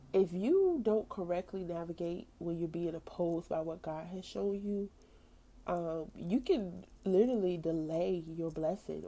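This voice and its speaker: A young woman with a warm, lowish voice talks through her own story on a faith podcast. She speaks casually, leans on "like," and acts out what she was thinking at each turn. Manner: animated storytelling, acting out her own past thoughts; casual, slangy, with frequent "like" and laughs. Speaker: podcast host.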